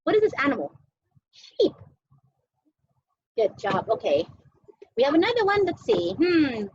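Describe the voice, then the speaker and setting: A woman's voice: high-pitched, sing-song, a little slow, darkish tone, muffled recording, slight background noise. A young woman teacher cooking at home while teaching small children, talking in a playful sing-song way and making animal sounds.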